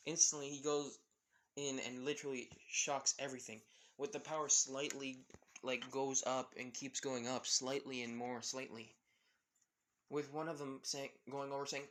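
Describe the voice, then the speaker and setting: A man's voice: mid-range voice, fairly even intonation, moderate pace, fairly bright tone. Chuckling, rambling male storyteller. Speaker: fan fiction storyteller. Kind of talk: improvised story narration.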